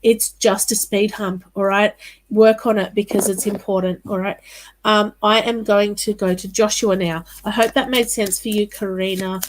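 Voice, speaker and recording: Doing psychic card readings live, this woman keeps a level, mid-range tone and sounds casual and comforting. She names her viewers as she goes, filling pauses with "um" and "all right," and the audio is rough.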